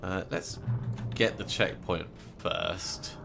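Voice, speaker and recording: A man's voice: low-pitched, slow, gravelly, over music. A man casually commenting while playing a video game, with wry joking asides. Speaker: let's play host.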